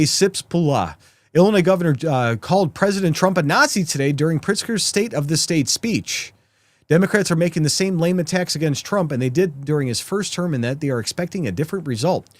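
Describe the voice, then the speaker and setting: A man's voice: a little high, no room sound. A man hosting a live political commentary show, talking sarcastically and mockingly to his viewers.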